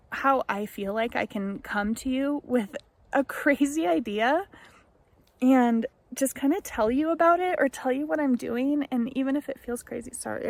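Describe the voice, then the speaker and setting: A young American woman vlogging, speaking an emotional tribute to her grandmother, halting often with fillers and restarts. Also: on the high side, low-quality recording. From United States. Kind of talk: heartfelt tribute and vlog narration.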